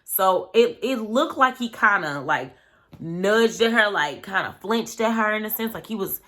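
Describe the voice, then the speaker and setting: A woman's voice: medium pitch, animated, a little slow, fairly bright tone. A woman vlogger recapping a reality show in a loose, chatty way, full of "like" and "you know what I'm saying". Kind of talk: casual storytelling recap.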